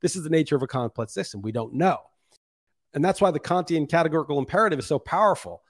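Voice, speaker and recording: Middle-aged male podcast host, high-pitched, heated and profane solo monologue. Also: expressive, fast talker. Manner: impassioned, ranting, profane.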